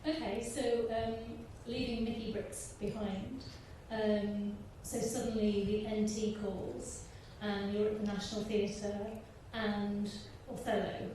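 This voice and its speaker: A woman's voice: mid-range voice, little pitch movement, slow, hardly any pauses, warm tone. Woman interviewer in an echoey hall. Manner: enthusiastic, encouraging questions. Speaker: onstage interviewer. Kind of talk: onstage conversation before an audience. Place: large hall with audience. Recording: echoey hall from far off with light hiss.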